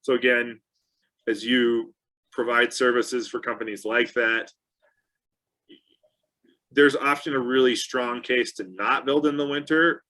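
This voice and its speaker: A man co-hosting a casual engineering discussion, relaxed and chatty, with many fillers and restarts. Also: medium pitch, measured pace, long pauses. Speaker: co-host.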